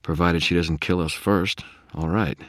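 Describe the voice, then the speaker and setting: A man voicing a calm, devout knight with an earnest, composed manner for an audiobook. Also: low voice, measured pace, dry recording, clean studio sound. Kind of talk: audiobook character voice.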